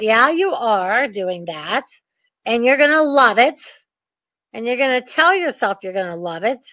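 A woman coaching new real estate investors, chatty and quick to rant, with sarcastic asides. Her voice sits a little high. The recording is dry and dull, with a lo-fi sound. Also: pushed and bright, dry recording. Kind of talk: energetic coaching talk.

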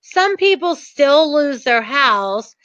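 High, bright-voiced woman coaching earnestly. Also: big pitch swings, slow, no echo, lo-fi sound. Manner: earnest, emphatic, repeats points for stress. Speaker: real estate investing coach. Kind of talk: motivational coaching talk to students.

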